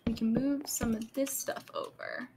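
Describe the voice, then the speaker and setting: A woman's voice: on the high side, huge pitch swings, moderate pace, gravelly, background noise. A woman chatting casually while playing a game, playful and teasing. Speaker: co-player. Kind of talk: casual gaming chat.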